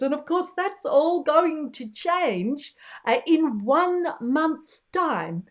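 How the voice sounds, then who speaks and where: A woman in her sixties, a travel vlogger chatting to camera in a chatty, animated way and laughing often. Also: high-pitched, extremely slow, dull audio. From Australia. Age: 60s. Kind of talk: casual chat to camera.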